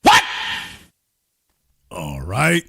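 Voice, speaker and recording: A man's voice: deep voice, huge pitch swings, drawn-out words, vocal fry, noisy background. A man hosting a political commentary show, speaking in a grandiose, sarcastic, preacher-like manner. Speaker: host.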